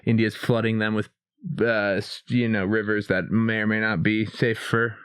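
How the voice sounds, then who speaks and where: A man's voice: fairly low pitch, little pitch movement, moderate pace, clean tone, no room sound. A young man hosting a casual comedy podcast, joking crudely and laughing often. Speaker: podcast host.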